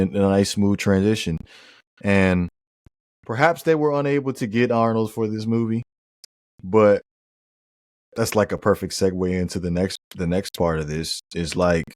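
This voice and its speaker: A man's voice: fairly low pitch, darkish tone, dry recording, clean studio sound. Argumentative man in casual movie chat. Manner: argues his point, restarts phrases.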